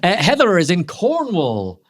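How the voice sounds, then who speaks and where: A man's voice: high-pitched, wildly swooping pitch, a little slow. A man co-hosting a podcast in casual, playful chat, bantering with his co-host. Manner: playful, reads listener letters aloud with mock formality.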